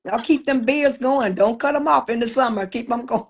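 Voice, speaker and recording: Laughing, lively woman telling stories. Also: a little high, normal speed, slightly rough. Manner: lively storyteller, laughs often, animated quoted voices. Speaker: guest, gospel singer and cosmetics entrepreneur. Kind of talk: casual chat on a livestream. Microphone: video call.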